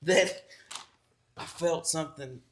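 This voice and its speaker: A man's voice: fairly high pitch, takes it slowly, slight background noise. A young man co-hosting a podcast, telling a long, profane story in a rambling, laughing way. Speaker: podcast co-host. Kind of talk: casual storytelling chat.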